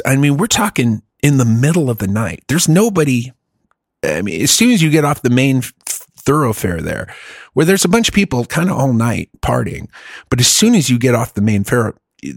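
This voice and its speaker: A man's voice: medium pitch, dry recording, clean studio sound. Rambling, profane middle-aged man telling a story. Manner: rambling, profane, laughs often. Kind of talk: casual storytelling chat.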